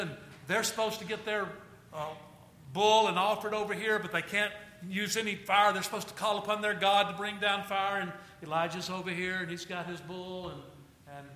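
Earnest high-voiced man preaching, hall reverb. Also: sharp tone. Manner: earnest, repeats words, acts out quotes with raised voice. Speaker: pastor. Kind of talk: sermon.

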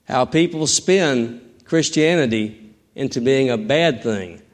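A middle-aged man preaching a sermon, emphatic and rising in pitch on key points. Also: slow pace. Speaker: pastor.

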